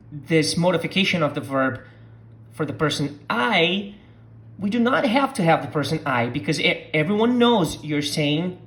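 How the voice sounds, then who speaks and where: A language teacher from southern Brazil, whose first language is Portuguese, leads a lesson slowly and deliberately. Speaking at medium pitch, she models words for the listener to repeat.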